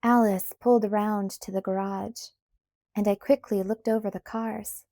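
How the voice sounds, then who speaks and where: Mellow-voiced woman reading a novel aloud. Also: medium pitch, steady tone, moderate pace, dry recording, clean studio sound. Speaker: audiobook narrator. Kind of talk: first-person novel read-aloud.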